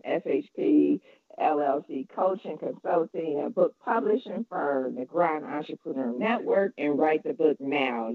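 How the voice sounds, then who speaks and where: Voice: medium pitch, dry recording. A podcast host speaking encouragingly and agreeably, often repeating affirmations while interviewing a guest. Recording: dry, phone-like narrow sound.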